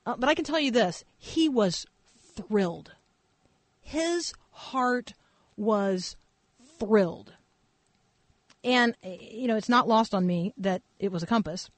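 A woman's voice: mid-range voice, slow pace, pauses often, no echo. A woman pastor tells a story in a loose, conversational sermon, with plenty of fillers. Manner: casual, animated storytelling with fillers.

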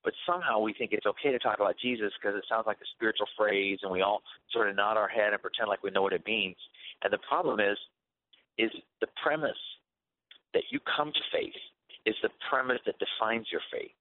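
Earnest man with a deep voice on narrow radio. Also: a little fast. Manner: earnest, preachy, repeats words as he restarts. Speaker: guest author on Christian faith. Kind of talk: radio talk show interview. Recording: narrow phone-like radio sound.

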